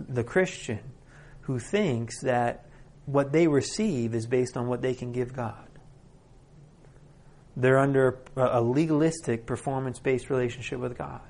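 Animated storytelling preacher man. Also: mid-range voice, unhurried. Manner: animated storytelling with rhetorical questions. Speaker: pastor. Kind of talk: sermon.

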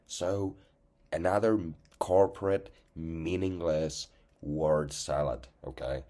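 A man's voice: a bass voice, slow, warm tone. A man delivering a blunt, profane rant with open contempt, often tagging his points with "okay?". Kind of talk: angry profane rant to camera.

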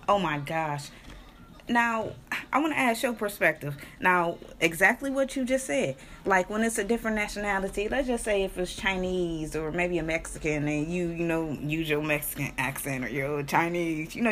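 A woman co-hosting a podcast, talking in a slangy, animated way and swearing freely. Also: lowish voice, moderate pace, slight background noise. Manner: animated, profane, talks in a slangy, chatty way. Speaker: co-host. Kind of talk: casual podcast chat.

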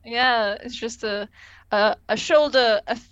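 A woman co-hosting a podcast, chatting casually with frequent giggles and quick acted quotes. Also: a little high, smooth, no echo, lo-fi sound. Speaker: podcast co-host. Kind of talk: casual chat recapping a TV episode.

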